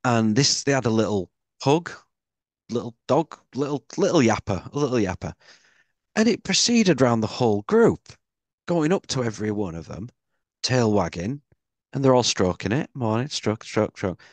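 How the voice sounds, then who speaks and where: A man's voice: mid-range voice, moderate pace, no echo. Swearing British man telling stories. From Britain. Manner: swears a lot, animated storyteller. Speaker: podcast co-host. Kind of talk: casual chat.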